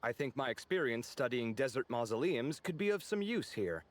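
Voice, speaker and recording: An actor voicing an expressive, easily indignant young architect in a game, full of quick banter. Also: male voice, medium pitch, background noise, close to an everyday voice. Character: dramatic, sociable young male architect. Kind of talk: game voice acting.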